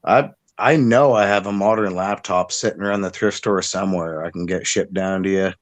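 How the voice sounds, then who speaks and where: A man's voice: sits low, moderate pace, no echo. A man in his thirties in casual chat on a stream, making dry joking asides.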